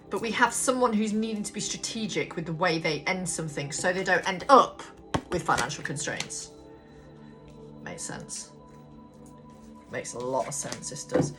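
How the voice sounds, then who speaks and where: A woman's voice: mid-range voice, a bit bright. Blunt, swearing woman tarot reader. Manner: blunt, swears freely and rambles. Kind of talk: casual collective tarot reading. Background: background music.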